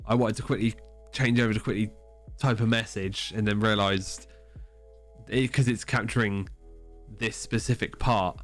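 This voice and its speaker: A man's voice: on the low side, steady tone, normal speed, pauses often, faint music behind. A young man, co-hosting a casual livestream podcast, talking loosely and swearing freely. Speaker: podcast co-host.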